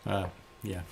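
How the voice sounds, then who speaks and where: A man co-hosting a casual podcast. He talks haltingly, with many "uh"s and restarts. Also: a little hiss or hum. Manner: hesitant, stammering restarts. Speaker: co-host.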